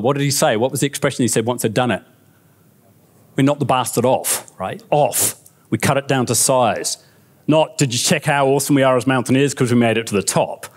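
A man with a New Zealand accent giving a lively, conversational keynote talk on stage, often checking in with the audience. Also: medium pitch. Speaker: conference speaker. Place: conference stage.

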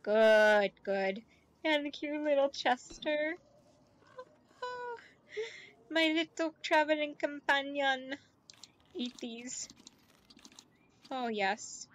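A woman giving chatty let's play commentary, talking to game characters and gushing excitedly. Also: sits high, slow, pauses often. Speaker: gaming YouTuber.

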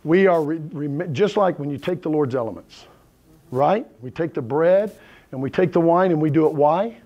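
A man's voice: on the high side, expressive, moderate pace, dark tone, dull audio. A male pastor preaching a conversational sermon to his congregation, often checking in with "right?" and "okay?". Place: church sanctuary with congregation.

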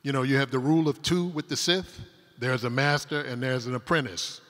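Speaking fairly quickly with a medium-pitched, fairly bright voice and fairly even intonation, a conference speaker from Detroit, Michigan, shares humorous stories on stage. His rambling anecdotes, full of asides, fill a reverberant converted industrial hall.

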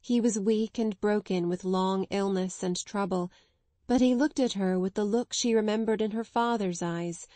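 A woman narrating an audiobook in a measured, expressive way. Her voice is mellow and dark-toned, recorded close and dry with no room sound. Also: mid-range voice, dry recording. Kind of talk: scripted narration.

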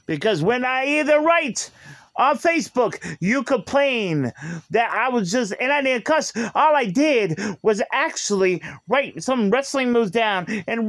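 A man with a high voice vents his grievances at an unhurried pace. He circles back over the same points and sounds confrontational. The sound is close and dry, with no room around it. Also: animated, a bit bright, no echo. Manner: aggrieved, repetitive, confrontational. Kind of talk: angry rant to camera. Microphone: phone.

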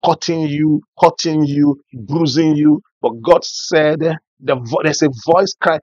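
A man's voice: fairly high pitch, a little slow, few pauses, darkish tone, no room sound, highs cut off. A male pastor, preaching and praying fervently, with prayer refrains and speaking in tongues. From Nigeria.

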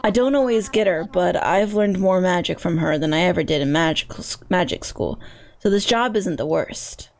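A woman's voice: fairly low pitch, normal speed, lightly acted. A woman voicing a shy young shop assistant who studies magic, hesitant and a little dry. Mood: laid-back. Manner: hesitant, mildly sardonic.

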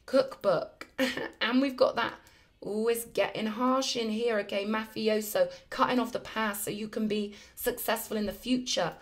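A woman's voice: a little high, fairly even intonation, moderate pace. A woman giving an effusive, emphatic spiritual tarot reading in a chatty way to her viewers. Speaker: tarot reader.

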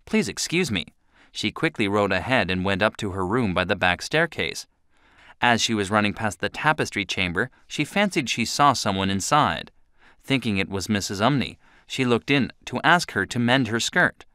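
A man narrating a children's story in a steady, clear storytelling manner, recorded close to the mic. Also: fairly low pitch, normal speed, dry recording.

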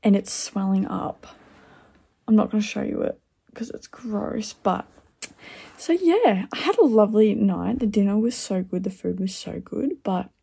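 A young woman vlogger with a gravelly, husky voice tells her week to the camera in loose, chatty storytime. Her tone sits on the dark, mellow side, and she talks bluntly and swears without a second thought. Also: mid-range voice, lively intonation, a little slow. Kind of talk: casual vlog storytime.

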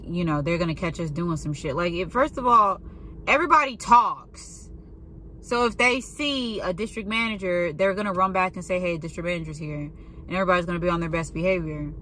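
A woman's voice: sits low, fairly bright tone, slight background noise. A young woman who works in a pharmacy, ranting in a blunt, profane and sarcastic way in a casual monologue. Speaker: pharmacy worker venting.

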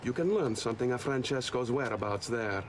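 A man's voice: medium pitch, animated, fairly quick, natural voice. An actor playing a sly, teasing male thief leader in a video game. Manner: teasing, laughs easily. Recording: game audio with crowd noise.

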